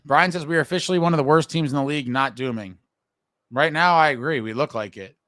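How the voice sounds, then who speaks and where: A man's voice: a little high, quick pace, fairly bright tone, no room sound. A man hosting a live fan show and reading viewer comments aloud, blunt and frustrated and swearing casually. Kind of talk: casual live-stream talk.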